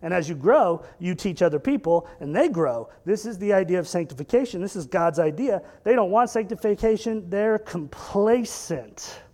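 A man with a high-pitched voice delivers a casual, conversational sermon. He talks animatedly and throws rhetorical questions at his listeners. He mixes in joking asides as he preaches. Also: lively intonation, fairly quick, few pauses, a little mellow. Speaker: pastor.

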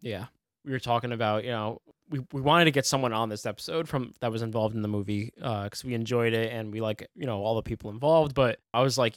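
A man's voice: mid-range voice, fast talker, dry recording, studio quality. A man co-hosting a movie podcast in casual chat, talking in a chatty way full of fillers and laughing easily. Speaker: podcast co-host.

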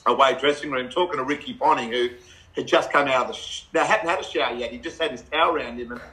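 A middle-aged Australian man, a guest in a casual chat, telling animated stories with laughs and acted-out quotes. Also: mid-range voice, quick pace, rough recording.

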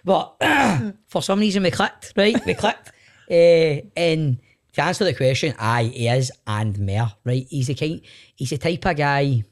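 A middle-aged man with a Glaswegian Scottish accent, chatting as a podcast guest. He tells animated stories, laughs often and swears freely. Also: a little high, a little slow. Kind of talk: casual chat.

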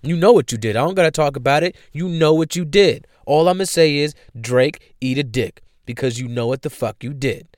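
A man's voice: on the high side, fairly quick, few pauses, dry recording, clean studio sound. A young man from New hosting a solo podcast, ranting bluntly and profanely in a casual way. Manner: profane, blunt, heated rants then relaxed sign-off. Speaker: podcast host. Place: home room.

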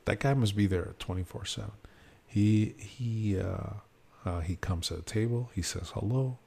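A man's voice: on the low side, moderate pace, creaky, warm tone, slightly rough. A man on a casual podcast, telling a story animatedly with lots of fillers and acted-out quotes. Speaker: podcast host. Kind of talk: casual chat.

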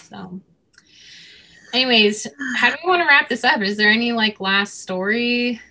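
A woman's voice: fairly high pitch, moderate pace, sharp tone. A woman in her thirties casually telling a personal story, rambling with many fillers as she chats with her co-host. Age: 30s.

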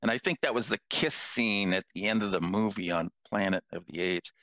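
Gravelly older man telling jokey stories. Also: lowish voice, a little fast, sharp tone, dry recording. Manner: self-deprecating, jokey storyteller. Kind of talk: casual conversation.

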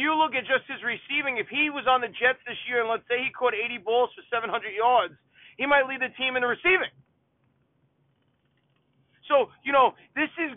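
A man hosting a sports podcast, talking through his opinions in a heated, animated monologue and repeating his points for emphasis. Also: extremely high pitch, dry recording. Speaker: podcast host. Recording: dry, tinny phone-like sound.

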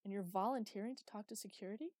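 A woman's voice: mid-range voice, fast talker, darkish tone, dry recording, clean studio sound, natural voice. A woman reading the part of a cautious, serious young man who speaks urgently and insistently. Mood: tense.

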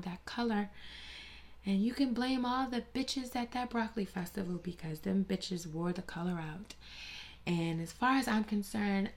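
A woman vlogger delivering a dramatic, profane, mock-grieving comedic rant with plenty of sass. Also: mid-range voice.

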